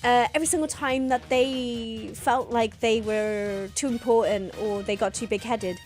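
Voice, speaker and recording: A young woman hosting a casual reaction video, excitable, gasping, laughing and swearing as she talks. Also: fairly high pitch, unhurried, faint music behind. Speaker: host reacting to a TV show.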